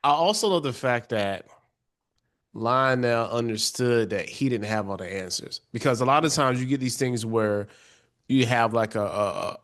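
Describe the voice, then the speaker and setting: Chill guy breaking down an episode, mid-pitch voice, laughing a lot. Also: normal speed, a bit bright. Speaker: podcast co-host. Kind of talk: casual recap chat.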